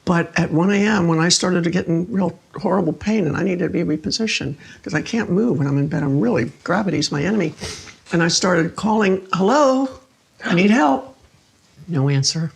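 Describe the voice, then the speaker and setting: An older woman, a guest, telling personal stories in an expressive conversational way and acting out the words she quotes. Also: fairly low pitch, fairly quick, creaky, husky. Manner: expressive, acts out quoted speech. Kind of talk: conversational storytelling.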